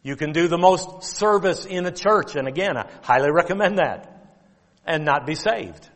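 A male pastor preaching a sermon with emphatic, drawn-out stress on key words and quotes of King James scripture. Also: a little high, expressive, fairly bright tone. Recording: long reverb of a church hall.

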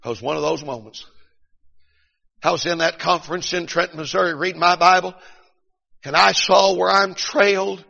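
A middle-aged man preaching a revival sermon, swinging between shouted peaks and hushed storytelling. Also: sits high, fairly even intonation, normal speed, gravelly, long pauses. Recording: dull recording in a long-reverb hall.

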